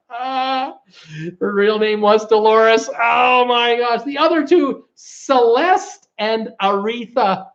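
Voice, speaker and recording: A man hosting a live-stream trivia chat who keeps breaking into laughter while reading viewer comments, his voice gone hoarse from laughing. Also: very high-pitched, takes it slowly, a bit bright, muffled recording. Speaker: host of a live cruise news and trivia stream.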